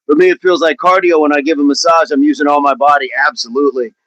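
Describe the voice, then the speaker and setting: A man's voice: a little high, steady tone, fast, few pauses, a bit bright, poor audio. A man hosting a live workout stream, chatting upbeat with viewers and counting reps aloud. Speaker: fitness coach hosting a livestream.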